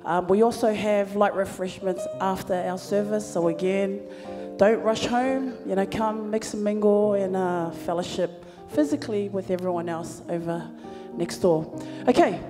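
A woman's voice: mid-range voice, normal speed, over music. A woman hosting a church service, telling a joke and giving announcements with playful banter to the audience. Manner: lively storyteller with audience banter. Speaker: church program emcee. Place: church hall. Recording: hall reverb, live church sound.

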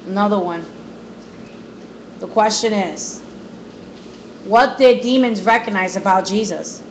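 A woman's voice: mid-range voice, unhurried, a little hiss or hum, poor audio. A woman leading a Bible study, reading scripture aloud and commenting, repeating words for emphasis, recorded on a phone. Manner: repetitive emphasis.

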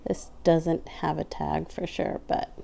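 A woman's voice: sits low, little pitch movement, unhurried, vocal fry, noisy background. A young adult woman casually narrating an unboxing at home, reading out prices item by item with chatty asides. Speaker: vlogger unboxing a craft store grab bag.

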